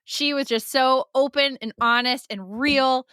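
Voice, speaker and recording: A woman's voice: high-pitched, steady tone, measured pace, pushed and bright, smooth, dry recording, studio quality. A woman co-hosting a podcast who reacts with laughter and casual swearing. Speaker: podcast co-host. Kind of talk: casual chat.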